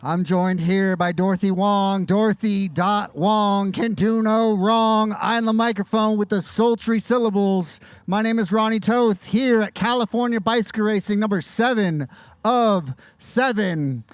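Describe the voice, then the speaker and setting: A man's voice: high voice, measured pace, clear, resonant tone, no echo. A man announcing a bike race live outdoors, joking and playing with words as he calls the finish. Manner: jokey, playful wordplay.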